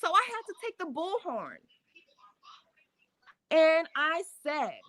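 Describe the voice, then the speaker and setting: A woman's voice: high voice, sing-song, moderate pace, a bit bright, dry recording. A woman calling in to a show, telling a story emphatically and emotionally, often laughing. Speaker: caller. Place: Harlem.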